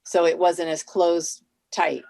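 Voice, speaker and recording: Female participant, video call; gravelly, lowish, hesitant. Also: flat delivery, takes it slowly, a little mellow, rough recording. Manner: hesitant, searching for words. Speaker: workshop participant.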